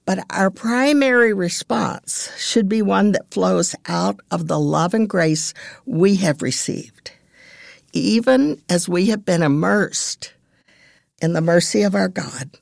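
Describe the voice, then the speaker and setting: A woman hosting a podcast, giving devotional Bible teaching as earnest, measured storytelling. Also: medium pitch, vocal fry, no echo, studio quality.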